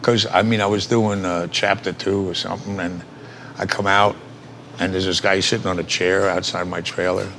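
A man's voice: deep voice, level tone, normal speed, a bit bright, slight background noise. An older man, an actor being interviewed, telling rambling, salty stories and laughing as he goes. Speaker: actor guest. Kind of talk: casual anecdotal storytelling.

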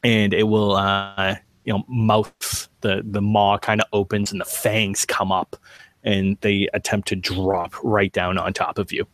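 A man running a tabletop game as game master, narrating with many halting fillers. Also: on the low side, flat delivery, a bit bright, no echo.

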